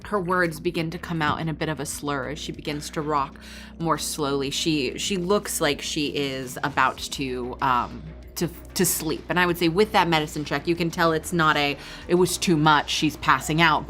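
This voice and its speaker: A woman narrating as game master, describing scenes in a measured way with frequent fillers. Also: low-pitched, steady tone, fairly bright tone, faint music behind.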